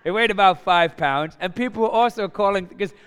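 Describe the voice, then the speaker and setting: Chatty fifty-something pastor in a reverberant hall. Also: male voice, high-pitched, a little fast, fairly bright tone, smooth. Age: 50s. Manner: conversational storytelling, frequent "right?" and "you know?". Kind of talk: sermon.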